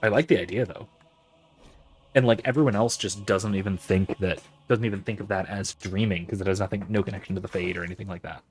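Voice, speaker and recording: Low-ish male let's-play host, musing chat-reader who thinks out loud. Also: fairly even intonation, quick pace, husky, faint music behind. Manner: musing, thinks aloud with frequent restarts. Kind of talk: livestream commentary while gaming, reading out chat.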